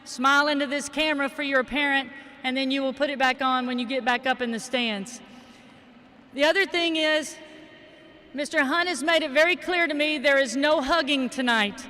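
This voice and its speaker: A man welcoming graduates to their ceremony, his voice very high-pitched and bright. He speaks with open emotion and affection toward the students, in a large stadium. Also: moderate pace, slight background noise. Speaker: school administrator welcoming graduates.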